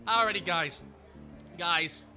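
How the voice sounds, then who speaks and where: A man's voice: sits high, slow, sharp tone, faint music behind. A man streaming live, chatting casually with viewers in a sardonic, profane, ranting way.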